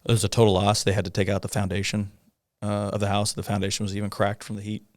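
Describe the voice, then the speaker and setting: A middle-aged man speaks in a lowish voice, close and dry with no room sound. He talks in a halting, conversational way, stopping often on fillers. Now and then he breaks into a rueful laugh as he tells a personal story to an interviewer. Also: completely flat delivery, no echo. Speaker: guest, police officer.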